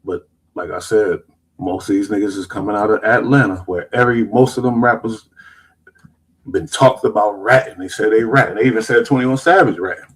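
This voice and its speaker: A man's voice: lowish voice, fairly quick, husky, low-quality recording. A man hosting a show, reacting to clips in loose slang and rambling, casual commentary. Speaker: show host.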